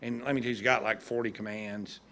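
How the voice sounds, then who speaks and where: Man, judge giving a ceremony speech, gravelly voice, folksy humorous storyteller. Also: on the low side, steady tone, fast talker, pushed and bright. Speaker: judge speaking at a graduation ceremony.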